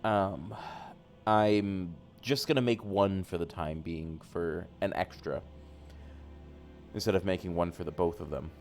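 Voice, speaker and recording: A man with a low, deep voice plays his character in a tabletop game. He describes his moves and then slips into measured, formal speech for the character's lines. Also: a little mellow, soft background music. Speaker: player.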